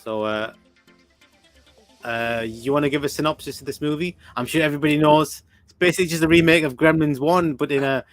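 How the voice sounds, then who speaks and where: A man's voice: on the high side, fairly even intonation, fairly quick, dry recording, faint music behind. A man co-hosting a movie livestream, laid-back and keeping the chat moving. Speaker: livestream co-host.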